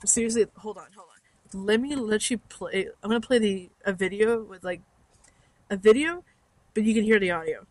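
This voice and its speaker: A woman's voice: mid-range voice, normal speed, dry recording. A young woman fan chatting casually to her listeners, bubbly and rambling with lots of likes and ums. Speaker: fan podcaster. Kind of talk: casual chat.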